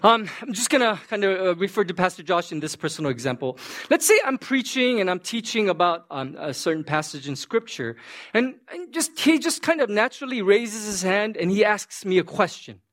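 A male pastor preaching a sermon, telling an animated story that he acts out and checking in with his listeners. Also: high voice, fairly quick.

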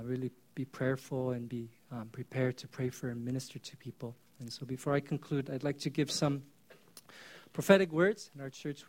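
A male pastor preaching a sermon in a conversational storytelling way, swinging between loud bursts and hushed asides. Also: mid-range voice.

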